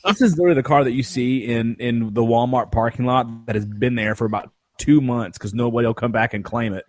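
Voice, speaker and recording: A man's voice: medium pitch, fairly quick, darkish tone. A man co-hosting a casual podcast chat, cracking sarcastic jokes. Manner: joking, sarcastic. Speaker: podcast co-host.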